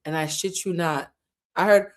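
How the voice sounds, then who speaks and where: A woman's voice: fairly low pitch, fairly even intonation, normal speed, a little hiss or hum. A woman hosting a casual livestream, chatty and laughing often, with a Black way of talking and easy swearing. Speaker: host.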